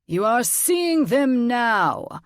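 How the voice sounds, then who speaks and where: A woman voicing a blustering, hot-tempered male dragon king in an audiobook, gruff and domineering. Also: fairly high pitch, big pitch swings, very slow, no echo, studio quality, voice pushed up, heavily acted. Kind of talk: audiobook character voice.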